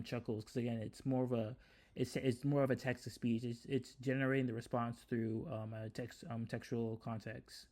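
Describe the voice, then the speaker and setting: A man's voice: mid-range voice, darkish tone. A man hosting a casual coding tutorial, talking hesitantly with many restarts. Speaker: tutorial host, developer. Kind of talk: casual screen-recorded tutorial.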